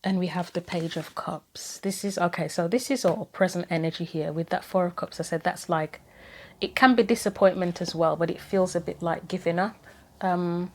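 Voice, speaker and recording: A woman giving a casual tarot reading to camera, thinking aloud with frequent pauses, earnest and gently sympathetic. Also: fairly low pitch, fairly even intonation. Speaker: tarot reader.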